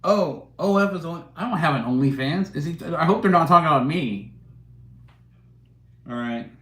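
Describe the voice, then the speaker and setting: A man's voice: a little high, moderate pace, fairly bright tone. Man chatting on an echoey livestream. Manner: joking, rambling, chuckling while reading chat. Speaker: livestream host. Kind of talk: casual livestream chat answering comments. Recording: roomy echo.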